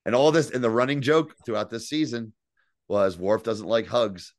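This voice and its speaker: A man co-hosting a podcast, recapping an episode in casual, profane, animated chat. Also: mid-range voice, moderate pace, no room sound, studio quality. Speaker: podcast co-host.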